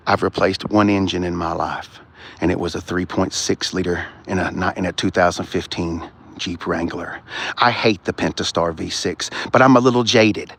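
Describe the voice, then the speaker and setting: A man's voice: fairly low pitch, brisk, creaky, a bit bright. A middle-aged man, hosting a casual walk-around car review and ranting with blunt, profane opinions.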